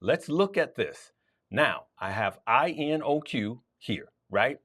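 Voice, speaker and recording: Man, trading show host, emphatic, repeats points for stress, pitch swinging widely. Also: very animated, takes it slowly, fairly bright tone, husky. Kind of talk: market commentary to viewers.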